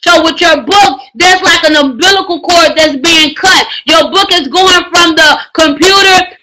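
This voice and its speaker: A woman's voice: very high-pitched, measured pace, noisy background. A woman coaching a class of book writers, speaking with emphatic, preachy energy, using slang and often raising her voice to drive points home. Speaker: writing coach teaching a book course. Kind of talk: energetic live class talk.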